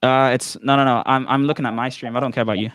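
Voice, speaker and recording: A man's voice: mid-range voice, steady tone, fast, a bit bright, no room sound. A man casually hosting a livestreamed debate, joking and teasing the others. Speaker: debate host.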